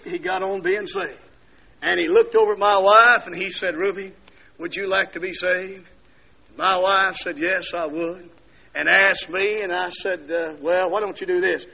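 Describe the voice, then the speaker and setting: An older man preaching at a church service, telling his conversion story as a testimony and breaking into loud shouted preaching. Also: sits high, breathy edge, dull audio. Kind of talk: revival sermon testimony.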